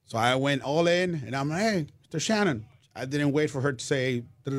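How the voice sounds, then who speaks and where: A Spanish-language baseball broadcaster from Mexico is a guest on a casual radio interview, telling stories, repeating words and laughing easily. His voice is a little high and sing-song, at normal speed. The recording is dry and studio quality.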